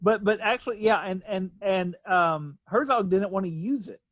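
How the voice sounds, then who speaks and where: A man's voice: high-pitched, normal speed, fairly bright tone, no room sound. A man co-hosting a podcast in casual chat, laughing often and reading quotes aloud. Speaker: podcast co-host.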